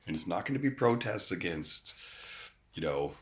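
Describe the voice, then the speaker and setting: Outdoors, a male vlogger records an angry, profane rant into his phone, throwing in mocking quoted voices as he rants to camera. His voice is low-pitched and sing-song at a moderate pace.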